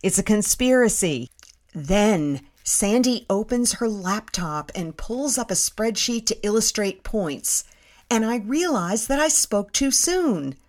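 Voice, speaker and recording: A woman's voice: mid-range voice, animated, takes it slowly. A woman in her fifties, hosting a podcast and reading a personal essay aloud in a wry, self-mocking storytelling manner. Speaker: podcast host and narrator.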